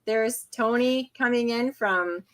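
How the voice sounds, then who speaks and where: A woman in her fifties hosting a casual livestream, chatty and quick to laugh as she greets viewers one by one. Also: on the high side, a bit bright. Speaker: host.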